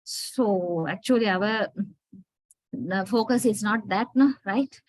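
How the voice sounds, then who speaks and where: A woman's voice: mid-range voice, takes it slowly, a little mellow, dry recording, rough recording. A Sri Lankan woman lecturing on English phonetics, explaining step by step with frequent tag questions and fillers. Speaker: university lecturer.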